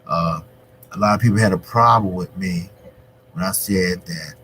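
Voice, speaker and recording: A man hosting his own boxing channel, talking through a fight in a rambling, conversational way that grows animated when he argues a point. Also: low voice, moderate pace, a little hiss or hum, low-quality recording. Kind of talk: casual boxing commentary.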